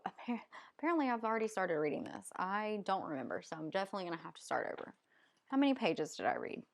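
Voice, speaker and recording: A woman with a Southern US accent chatting casually as a book vlogger, rambling and hesitant with many ums. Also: medium pitch. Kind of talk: casual chat.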